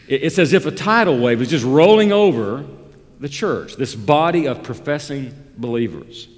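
A man preaching from the pulpit in a deliberate, emphatic cadence, his pitch swinging widely as he presses his points. His voice carries with a long reverb, as in a large church sanctuary. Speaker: pastor. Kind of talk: sermon.

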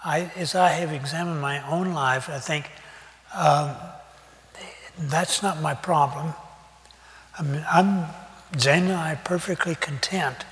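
An older man giving a sermon, talking in a conversational, folksy way with pauses and fillers. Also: on the high side, a bit bright. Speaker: preacher. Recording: long reverb of a hall.

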